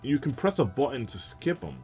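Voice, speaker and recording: A young man in a casual gaming stream, talking in an easy, meandering way at a middling pitch, full of fillers and side comments. Faint game music runs quietly under his voice. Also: big pitch swings, fairly quick. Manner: rambling, chatty anecdotes with frequent laughs and fillers. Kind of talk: casual let's-play storytelling.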